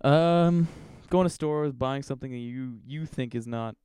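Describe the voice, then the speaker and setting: A man's voice: medium pitch, unhurried, warm tone, smooth, dry recording, studio quality, soft background music. A man chatting casually and dropping wry, joking comments. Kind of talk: casual chat.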